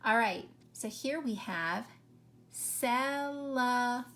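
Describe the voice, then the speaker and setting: A woman teacher leading a children's phonics lesson, slowly sounding out words and counting syllables. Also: mid-range voice, vocal fry. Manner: slow, carefully sounding out words.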